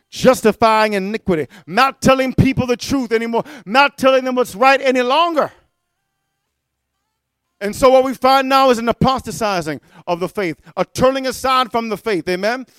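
A man delivers a fiery sermon in a strikingly high voice that stays smooth and resonant. The sound is dry and close, with no room echo. He punctuates his points with shouts and calls of "amen?". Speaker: preacher.

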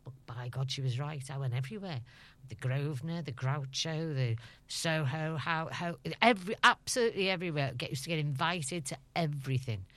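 A middle-aged woman with a Liverpool accent, a lively storyteller who laughs often as a guest in a radio interview. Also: low voice, brisk, no room sound. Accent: Liverpool (Scouse). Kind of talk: chatty anecdotal radio interview.

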